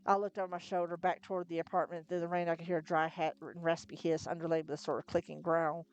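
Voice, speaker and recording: A woman reading a novel aloud on a live stream, narrating in the first person with steady storytelling and occasional self-corrections. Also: lowish voice, fast, lo-fi sound. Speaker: narrator, reader.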